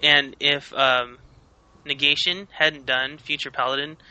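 A man co-hosting a casual podcast chat, explaining things and trailing off softly. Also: on the high side, little pitch movement, measured pace, a little hiss or hum, rough recording. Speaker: podcast co-host.

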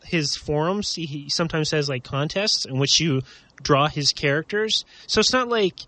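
A man's voice: fairly high pitch, expressive, normal speed, bright, forceful tone, dry recording. A man co-hosting a casual podcast chat, rambling with lots of fillers and laughs. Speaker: podcast co-host.

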